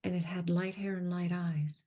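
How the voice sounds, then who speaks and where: A woman's voice: on the low side, normal speed. A woman telling a personal story as a podcast guest, acting out the people she quotes and dropping to a whisper at tense moments. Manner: animated storyteller, acts out quoted voices, drops to a whisper.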